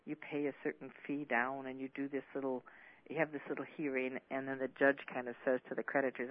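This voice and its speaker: A man's voice: medium pitch, flat delivery, normal speed. Man telling a story over narrow radio audio. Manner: frank, conversational. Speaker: counselor leading a men's group.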